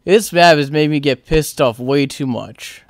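A video game player giving live gameplay commentary, frustrated and swearing, swinging between loud outbursts and low muttering. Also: a little slow.

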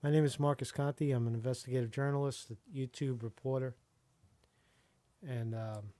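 A man's voice: medium pitch, fairly even intonation, normal speed, dark tone. A middle-aged American man, a YouTube reporter, ranting angrily to the camera and tagging his points with "right?". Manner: angry, rhetorical, repeats "right?".

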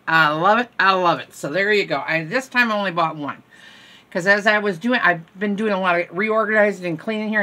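A woman's voice: mid-range voice, bright, forceful tone. An older woman in casual, rambling chat, showing items from a store haul at home and joking at her own expense. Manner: chatty, rambling, self-deprecating. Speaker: haul vlogger. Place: home room.

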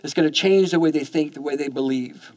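A man preaching a sermon in church, talking fast and often repeating words as he goes. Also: on the high side, darkish tone. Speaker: pastor.

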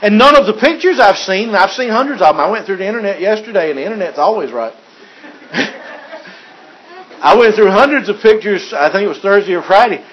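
A man's voice: high voice, animated, a little fast, a bit bright, a little hiss or hum. A man preaching a sermon as pastor, joking and chuckling, with frequent restarts. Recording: dull lo-fi recording.

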